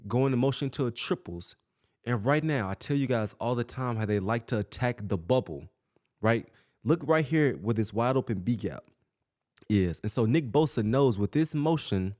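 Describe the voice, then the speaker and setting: A man hosting a podcast, breaking down football film in a coaching way, explaining step by step with quick self-corrections. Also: mid-range voice, a little mellow. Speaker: podcast host.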